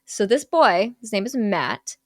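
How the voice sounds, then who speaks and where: Young female podcast host, lively recap delivery, dry booth sound. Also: medium pitch, unhurried, no echo. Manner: animated storyteller, acts out film characters in quotes. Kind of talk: casual chat.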